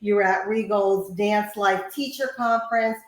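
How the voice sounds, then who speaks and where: A woman's voice: mid-range voice, fairly even intonation, unhurried. A woman hosting an interview, asking questions and affirming her guest. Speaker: podcast host. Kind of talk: casual interview. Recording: roomy echo.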